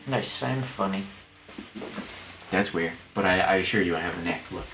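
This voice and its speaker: A man's voice: low-pitched, moderate pace, pauses often, over music. A man streaming a video game, chatting in a profane, jokey, rambling way. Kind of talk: casual let's play commentary.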